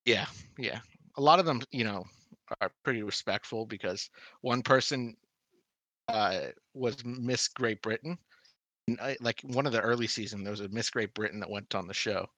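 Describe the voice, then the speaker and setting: Blunt, forceful man chatting on a podcast. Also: lowish voice, normal speed, dry recording. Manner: blunt, swears freely, laughs easily. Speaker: podcast co-host. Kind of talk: casual chat, answering quiz questions.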